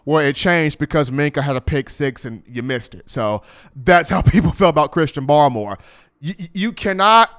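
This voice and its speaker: A man hosting a sports talk show, talking in an animated, playful storytelling manner. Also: a little high, clear, resonant tone. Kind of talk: energetic sports talk commentary.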